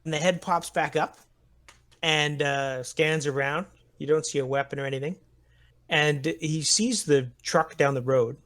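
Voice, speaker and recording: A man's voice: fairly high pitch, steady tone, unhurried, fairly bright tone. A man narrating a tabletop war game as game master, describing the scene step by step with frequent chuckles. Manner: descriptive, chuckles between lines.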